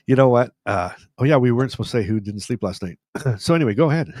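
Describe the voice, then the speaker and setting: A man's voice: mid-range voice, animated, a little fast, pauses often, a little mellow, no room sound, clean studio sound. A man co-hosting a casual podcast, chatty and rambling, often restarting his sentences. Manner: rambling, with frequent restarts and fillers. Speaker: podcast co-host.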